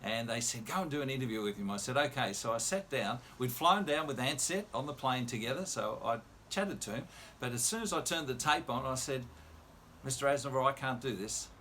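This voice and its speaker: A man, a radio presenter, telling an animated anecdote full of quoted dialogue on a video call. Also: mid-range voice, fairly quick, slight background noise.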